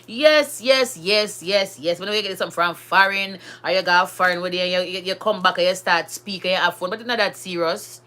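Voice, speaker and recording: A woman's voice: on the low side, fairly quick, hardly any pauses, pushed and bright. A Jamaican woman with children of her own, talking to her viewers in a chatty, emphatic way and slipping between patois and standard English. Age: adult with school-age children. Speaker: vlogger. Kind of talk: casual monologue to camera.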